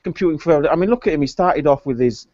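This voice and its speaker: A man's voice: a little high, lively intonation, rapid-fire, a little mellow, dry recording. A man in a casual group chat, opinionated and hesitant, often repeating his words. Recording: dull lo-fi online call audio.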